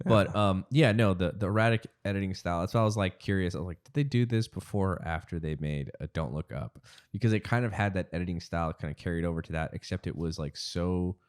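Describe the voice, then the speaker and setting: A man's voice: sits low, quick pace, clear, resonant tone. A young man co-hosting a podcast, chatting in a laid-back, agreeable way and laughing easily. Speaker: podcast co-host. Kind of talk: casual chat.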